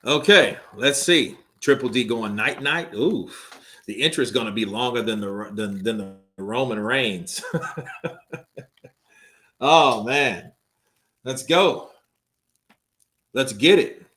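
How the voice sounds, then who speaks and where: A young man hosting a live stream, giving hyped, animated watch-along commentary and laughing often. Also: mid-range voice, measured pace.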